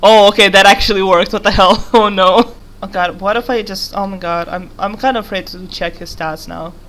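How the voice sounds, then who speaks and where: A woman's voice: mid-range voice, fairly even intonation, normal speed, fairly bright tone. A young woman giving casual, giggly commentary while playing a game, rambling and talking to the character on screen. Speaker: gaming YouTuber.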